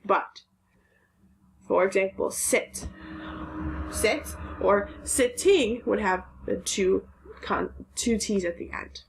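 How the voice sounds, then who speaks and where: Woman teacher reading slowly for little kids, breaks words into chunks, calm and patient. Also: medium pitch, vocal fry. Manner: slow, patient, sounds words out syllable by syllable. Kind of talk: recorded phonics lesson for children.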